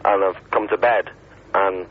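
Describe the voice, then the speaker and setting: A man's voice: low-pitched, steady tone, unhurried. A male caller who rambles hesitantly to a radio host. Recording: tinny phone line with faint noise.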